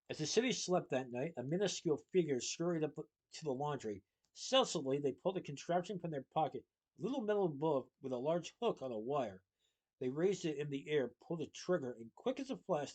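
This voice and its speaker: Guy reading a kids story out loud, lively and expressive, bit high voice. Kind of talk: reading a children's book aloud.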